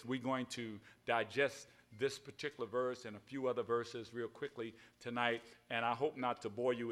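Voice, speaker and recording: Older preacher guy, folksy, keeps saying all right, bright forceful voice. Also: medium pitch. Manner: folksy, repeats "all right", spells words out, calls and response. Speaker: pastor. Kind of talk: evening sermon.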